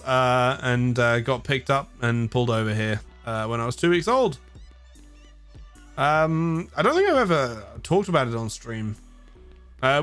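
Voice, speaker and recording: A man's voice: medium pitch, fairly bright tone. Tired, rambling man with an English accent. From United Kingdom. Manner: rambling, chuckles often, self-mocking. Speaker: live streamer. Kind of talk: casual live-stream chat.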